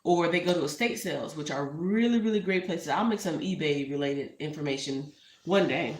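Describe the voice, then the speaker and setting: A woman's voice: deep voice, moderate pace, darkish tone. Chatty Texan woman live-streaming from home. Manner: chatty, rambling, talks to viewers and her cat between thoughts. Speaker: small online seller streaming live. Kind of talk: casual live-stream chat. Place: home room. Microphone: tablet on a shelf. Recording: echoey room on a tablet mic.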